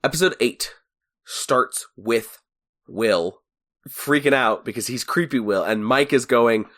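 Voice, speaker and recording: A man's voice: mid-range voice, slow pace, a bit bright. A man co-hosting a podcast, chatting casually and analysing a series, now and then acting out characters' lines. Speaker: podcast co-host. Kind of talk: casual chat.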